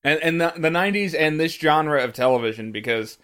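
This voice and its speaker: A man from Missouri riffs through a casual podcast chat. His voice sits a bit high, and he jokes and swears freely, often restarting his sentences with stammers. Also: a little fast, bright, forceful tone, clean tone. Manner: joking, profane, stammering restarts. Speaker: podcast co-host.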